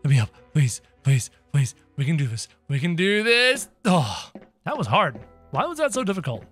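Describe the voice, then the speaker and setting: A man with a high, very lively voice gives playful let's-play commentary, chatting to his viewers as he plays. His pitch swoops up and down, with faint music behind him. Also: moderate pace. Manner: excitable, playful, talks to viewers. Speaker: gameplay video creator.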